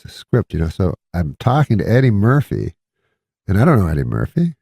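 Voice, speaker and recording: Very low gravelly guy, storyteller who does the voices, dry close mic. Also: wildly swooping pitch, fairly quick, a little mellow, no echo. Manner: acts out quoted voices, laughs mid-story. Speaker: comedian telling a story. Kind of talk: casual storytelling.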